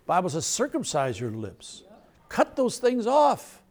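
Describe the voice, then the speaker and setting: A man's voice: sits high, huge pitch swings, a little slow. A male pastor preaching a sermon in a conversational way, asking the crowd questions and laughing between points.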